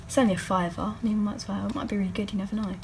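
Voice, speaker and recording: Talking at a racing clip, a teen girl rambles through a home beauty vlog, joking at her own expense. Her medium-pitched voice has a darkish tone and fairly even intonation, with slight hiss or hum on the track.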